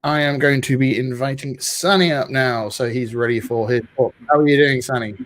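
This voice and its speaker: A man's voice: medium pitch, normal speed, a bit bright. A man hosting an online meetup over a video call, jokey and a little hesitant. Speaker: meetup host. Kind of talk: live event hosting.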